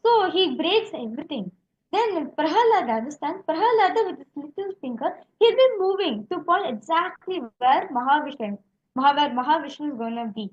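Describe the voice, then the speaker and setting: Woman, casual spiritual speaker; high voice, dull recording. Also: animated, moderate pace. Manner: casual, many fillers like "like". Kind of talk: spiritual teaching talk.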